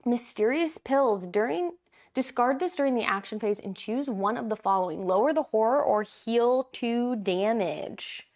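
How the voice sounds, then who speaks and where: Woman, giggly board game streamer, slightly high voice, casual chat. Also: animated, moderate pace, darkish tone. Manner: chatty, giggly, talks to chat. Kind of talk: casual live playthrough chat.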